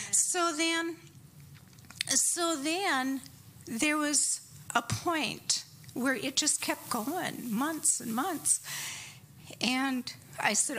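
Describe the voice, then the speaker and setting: A middle-aged woman giving an earnest personal testimony in a church service, telling her story haltingly with restarts. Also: sits high, sharp tone, slight background noise.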